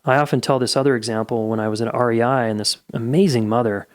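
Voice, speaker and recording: A man's voice: mid-range voice, steady tone, quick pace, no echo, clean studio sound. A middle-aged man hosting a podcast, giving candid, blunt advice in a casual solo monologue and swearing freely. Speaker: podcast host.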